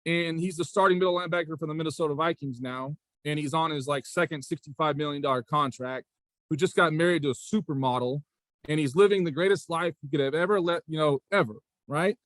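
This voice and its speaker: A man in his forties, a high school basketball coach and athletic director, telling stories in a casual interview with a rambling manner, often circling back with "again" and "right?". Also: fast, a bit bright, no room sound. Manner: rambling, repeats "again" and "right?", frequent restarts.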